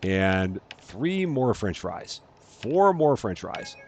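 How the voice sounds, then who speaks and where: A man's voice: fairly low pitch, big pitch swings, slow, slightly rough. A man hosting a let's-play, chatting casually and narrating each task aloud, often correcting himself. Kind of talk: casual gameplay commentary.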